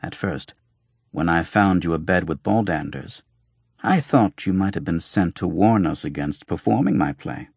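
A man's voice: deep voice, measured pace, vocal fry, darkish tone, slightly rough, no room sound, clean studio sound, exaggerated voice. A man voicing a sly, fox-faced male doctor and showman, who talks with wry, mocking ease in an audiobook reading. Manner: wry, mocking, flowing speech.

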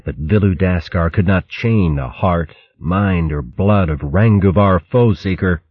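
A man's voice: sits low, a little slow, husky, dry recording. Fierce female squirrel warrior, as a man voices her. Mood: vengeful. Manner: grim, vengeful vows. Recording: dull dry audiobook recording.

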